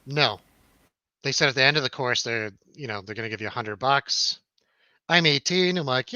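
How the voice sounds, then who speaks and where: A man's voice: medium pitch, moderate pace, pushed and bright, dry recording, highs cut off. A young man on a podcast, telling a story in casual chat, acting out quotes and swearing freely. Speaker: podcast co-host.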